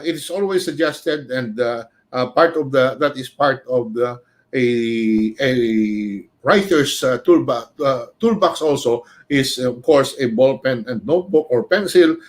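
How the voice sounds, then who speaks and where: A man teaching writing in an unscripted livestream lecture, pausing on many "uh" fillers and often ending points with a questioning "no?". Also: medium pitch. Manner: hesitant, many "uh" fillers, frequent tag "no?".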